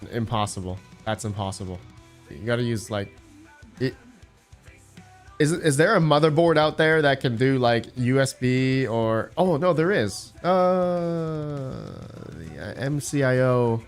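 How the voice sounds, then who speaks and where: A man's voice: medium pitch, animated, a little slow, soft background music. A man hosting a casual live stream, rambling as he thinks aloud and answers his chat.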